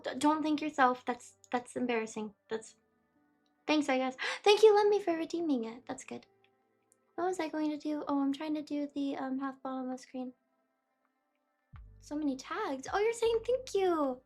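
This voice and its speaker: A woman's voice: high-pitched, normal speed, a little mellow, soft background music. A woman livestreaming, chatting casually with her viewers, reading chat aloud and drifting off track. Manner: chatty, reads chat aloud, easily distracted. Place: warm room indoors with big windows.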